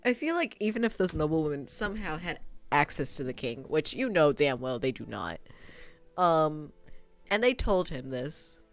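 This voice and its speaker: A young adult woman streamer giving casual commentary while playing a visual novel, laughing often and swearing in animated reactions. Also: low-pitched, normal speed.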